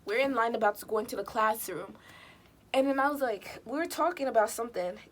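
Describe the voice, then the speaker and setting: High-voiced woman telling a story casually. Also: fast talker. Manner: animated, slangy, acts out quotes of others. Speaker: storytime vlogger.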